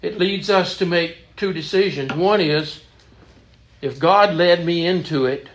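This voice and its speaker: A man's voice: fairly high pitch, measured pace, lo-fi sound. Earnest man teaching a Bible study. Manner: earnest, emphatic, repeats words while teaching.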